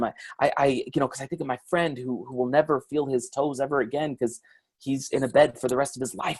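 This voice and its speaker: A man giving a motivational talk, animated and acting out his own frustrated reactions, with a husky voice. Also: fairly high pitch. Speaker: motivational speaker.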